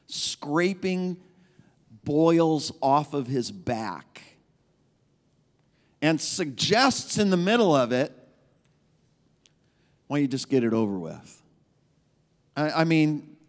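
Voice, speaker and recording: A male pastor preaching a sermon in a conversational, emphatic way, repeating key phrases. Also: mid-range voice. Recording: long reverb of a large hall.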